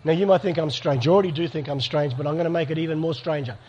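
Speaking rapid-fire in a slightly high voice with a darkish tone, a middle-aged man is captured on dull audio. His sermon to a live audience is earnest and story-driven, with acted-out dialogue.

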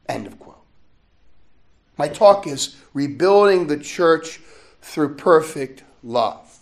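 A man from the States, preaching a sermon in a lively call-and-response manner and chuckling often. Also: a little high, slow, pauses often. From Southern United States.

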